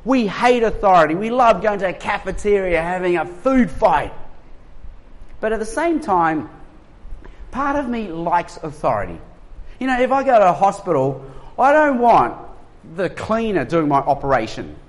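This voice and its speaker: An Australian man in his forties preaching a sermon as pastor, lively and humorous, with joking asides and acted-out quotes. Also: high-pitched, moderate pace. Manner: animated, humorous storytelling.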